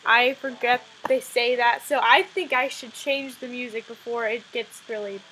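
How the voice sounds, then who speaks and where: A woman's voice: on the high side, fairly even intonation, moderate pace, pushed and bright, a little hiss or hum, rough recording. A young woman hosting casual gameplay commentary, rambling and playful with frequent giggles. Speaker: gaming channel host. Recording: faint background music under the voice. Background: music playing in the background.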